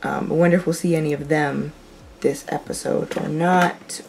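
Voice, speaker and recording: A woman's voice: sits low, fairly even intonation, moderate pace, creaky, darkish tone, slight background noise. A young woman hosting a reaction video, talking casually and rambling with frequent laughs. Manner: chatty, rambling, laughs often.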